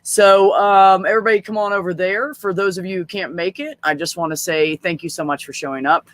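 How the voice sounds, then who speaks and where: A man hosting a livestream in casual chat, frank and rambling, swearing freely and filling pauses with ums. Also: high voice, steady tone, a bit bright, no echo. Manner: frank, profane, rambling with fillers. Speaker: livestream host.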